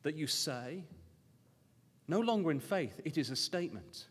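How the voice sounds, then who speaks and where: Man, preacher, Bible school sermon, high lively voice, earnest repeated questions, long hall reverb. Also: moderate pace, long pauses, husky. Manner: swings from hushed low reading to raised emphatic exhortation.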